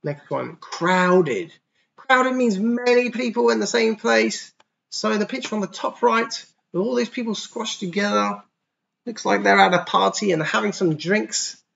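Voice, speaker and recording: Gravelly-voiced man teaching young kids. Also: high-pitched, fairly bright tone, dull audio. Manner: patient, slow, over-articulated pronunciation demos. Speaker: English teacher for young children. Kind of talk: online class for kids.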